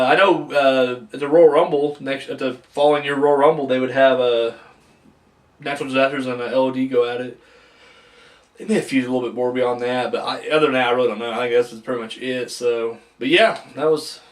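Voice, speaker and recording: A man's voice: medium pitch, fairly even intonation, brisk. A man giving a casual spoken review, rambling and frank, often swearing and using many fillers. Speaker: wrestling reviewer. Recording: voice a bit far from the mic.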